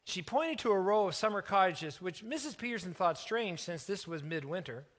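A middle-aged man preaching in a slightly raised voice. He tells a story in an earnest way and draws down softly at its tender moments. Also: high-pitched, expressive. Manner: earnest, slows and softens for emotional moments. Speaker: pastor. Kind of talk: sermon storytelling.

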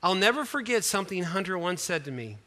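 A male pastor delivering a sermon, telling stories in an animated way with conversational asides to the congregation. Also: high-pitched, fast talker. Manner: animated storytelling, voice rising and falling for emphasis.

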